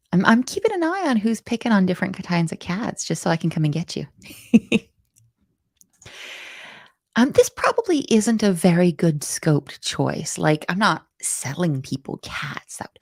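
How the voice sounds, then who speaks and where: Husky, playful woman teaching code. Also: on the low side, darkish tone, no echo. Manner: chatty and playful, thinks aloud, reads chat comments. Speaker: coding bootcamp instructor. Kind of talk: live-streamed coding lesson.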